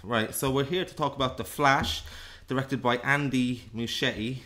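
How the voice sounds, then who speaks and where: A man's voice: medium pitch, moderate pace, bright, forceful tone. A man co-hosting a casual film review show, rambling and joking at his own expense. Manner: rambling, self-deprecating, jokey. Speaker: podcast co-host.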